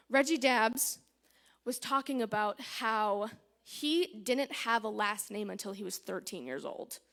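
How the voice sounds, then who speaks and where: A woman's voice: a little high, fairly bright tone. A woman giving a personal church testimony, chatty and candid, retelling events with lots of "I was like" and nervous fillers. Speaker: testimony speaker.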